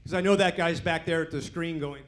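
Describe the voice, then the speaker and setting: A man's voice: on the high side, fairly even intonation, fairly quick, fairly bright tone. A man in his sixties doing a stand-up comedy set in a club, delivering punchy jokes with lots of "you know" tags. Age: 60s.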